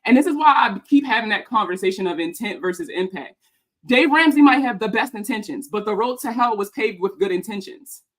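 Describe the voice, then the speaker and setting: A woman's voice: fairly high pitch, fairly bright tone. A young woman in a heated, profane reaction vlog, talking emphatically and a little out of breath. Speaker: personal finance content creator.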